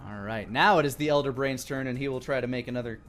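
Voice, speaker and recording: A man running a tabletop role-playing game as dungeon master, narrating scenes in a relaxed, descriptive way with playful sound-effect noises. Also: medium pitch, fast, music in the background.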